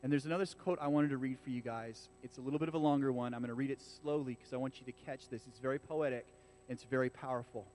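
A man preaching a conversational sermon in a church, casual and animated, often restarting his sentences and talking straight to the congregation. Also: mid-range voice, quick pace, a little hiss or hum. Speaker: pastor.

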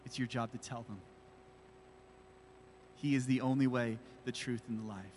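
A man's voice: mid-range voice, fairly even intonation, normal speed, a little mellow, a little hiss or hum. A man preaching a sermon as pastor, pressing his point with emphatic, repeated rhetorical questions. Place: church. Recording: reverberant church hall.

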